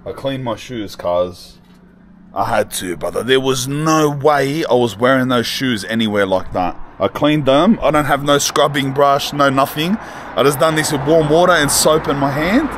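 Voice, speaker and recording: A man's voice: mid-range voice, moderate pace, a little hiss or hum. Slangy young man vlogging. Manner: slangy and excitable, calls the viewer bro, cuz and lad. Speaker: travel vlogger. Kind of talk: casual travel vlog.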